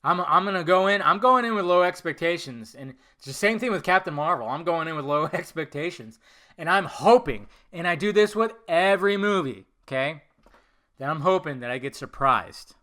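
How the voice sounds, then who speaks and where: A man's voice: on the high side, expressive, moderate pace, pushed and bright. A man hosting a solo podcast, ranting heatedly and swearing a lot. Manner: heated, swearing, emphatic rants. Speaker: podcast host.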